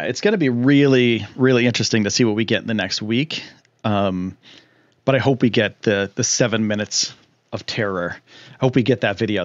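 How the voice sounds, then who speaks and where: A young man chats on his live stream in a loose, rambling way, full of ums and restarts, and his voice shoots up when something thrills him. The sound is a bit dull and lo-fi, with a dry, close feel and almost no room echo. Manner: excitable, rambling, lots of fillers, jumps high when thrilled. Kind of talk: casual live-stream chat.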